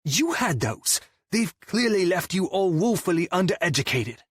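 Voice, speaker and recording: A prim, clipped British band manager, put on by a male audiobook narrator, talking in a raised, exasperated register. The voice stays husky underneath. The recording is dry and close. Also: sits high, very animated, moderate pace, no room sound, voice pushed up, full character voice. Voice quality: crisp, clipped. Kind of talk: audiobook character voice.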